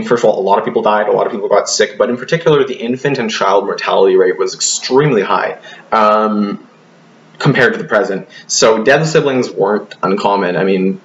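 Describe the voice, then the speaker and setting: A man's voice: on the low side, roomy sound, dull audio. A man teaching a recorded poetry lesson, talking hesitantly with many ums and restarts, and now and then apologizing. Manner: apologetic asides.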